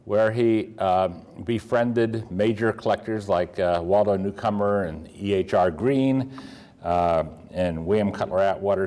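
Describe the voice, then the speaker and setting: In a lowish, mellow voice, an older Pennsylvania coin dealer spins meandering stories, often restarting and leaning on fillers.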